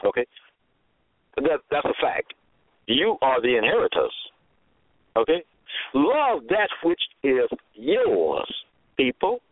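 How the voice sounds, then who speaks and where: A man preaching a radio sermon, slow and emphatic, repeating himself and asking rhetorical questions. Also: medium pitch, big pitch swings, no echo. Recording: tinny phone-like radio audio.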